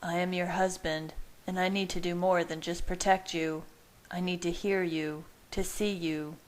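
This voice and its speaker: A woman's voice: fairly low pitch, level tone, measured pace, natural voice. A woman voicing a remorseful young husband. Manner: hushed, choked, apologetic.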